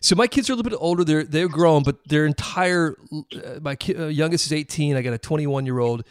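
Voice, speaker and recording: A man's voice: fairly high pitch, a little fast, clean tone, dry recording, studio quality. A middle-aged man hosting a casual interview, playful and chatty, laughing often. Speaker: host.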